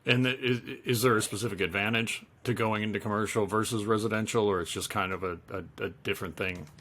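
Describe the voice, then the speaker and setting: A man's voice: lowish voice, fairly even intonation, fast talker, a bit bright, a little hiss or hum. A man hosting an interview, asking casual questions and giving short affirmations. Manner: brief affirmations, friendly prompts. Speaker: interviewer, host.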